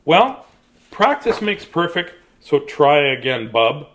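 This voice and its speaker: A bossy storybook dog coach, put on by a man reading aloud, emphatic and teasing. The voice sits a little high and swoops about. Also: big pitch swings, takes it slowly, a bit bright, full character voice.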